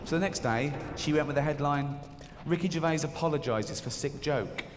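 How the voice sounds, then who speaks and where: A man's voice: fairly high pitch, normal speed, long reverb tail, background noise. A man performing a stand-up comedy routine, telling a story and acting out the voices of the people in it.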